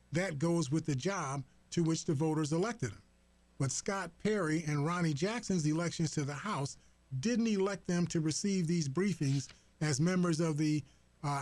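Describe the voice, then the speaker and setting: A man hosting a talk radio program, commenting on the news in a halting way, full of fillers and restarts. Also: fairly high pitch, darkish tone, dry recording. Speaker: radio host. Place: radio studio. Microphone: studio microphone.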